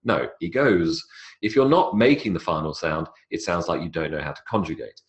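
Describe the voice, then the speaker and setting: A man giving an English pronunciation lecture, stretching out example words slowly and jumping up in pitch to stress them. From not South America. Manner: slow, drawn-out model words, lively pitch jumps on examples. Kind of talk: classroom lecture.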